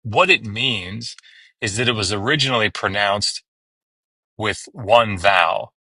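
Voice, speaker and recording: A man with a voice on the low side hosts a casual live stream teaching biblical Hebrew, patiently walking through pronunciation step by step with many fillers. His delivery is measured, pushed and bright, with no room sound.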